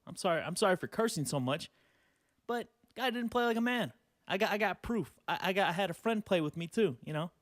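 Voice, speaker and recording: Brief: twenties man, higher-pitched voice, sarcastic profane rant, dry close sound. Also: no echo. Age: 20s. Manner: sarcastic, profane, rambling with many fillers. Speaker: podcast host. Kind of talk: ranting solo podcast.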